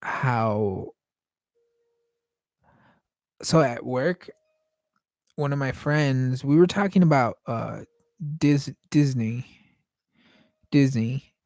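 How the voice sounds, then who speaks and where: A man whose first language is Spanish, talking in a hesitant, rambling way and often pausing to search for words. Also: medium pitch, a little mellow, no echo. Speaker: podcast host painting live. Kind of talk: casual rambling monologue.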